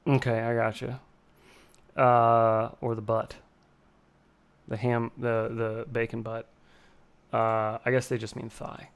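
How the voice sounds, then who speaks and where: A man's voice: mid-range voice, completely flat delivery, takes it slowly, pauses often, clean tone. A man casually chatting on a live stream, rambling and joking as he reacts to chat. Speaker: streamer hosting a drone flight sim stream.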